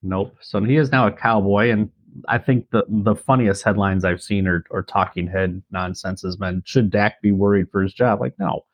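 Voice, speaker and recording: A man's voice: lowish voice, fairly even intonation, moderate pace, no room sound, lo-fi sound. A man co-hosting a casual podcast, making dry, wry remarks. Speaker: podcast co-host. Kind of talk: casual chat.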